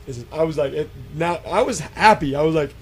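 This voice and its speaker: Animated storytelling man, slightly high voice. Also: a little fast, breathy edge. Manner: animated, acts out quotes, many fillers and restarts. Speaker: guest telling an encounter story. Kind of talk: casual storytelling on a radio show.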